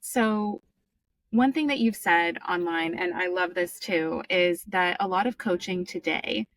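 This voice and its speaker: Woman podcast host, gushing, kinda low voice, sounds a bit far from the mic. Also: unhurried. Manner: warm, affirming, effusive. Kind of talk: interview chat.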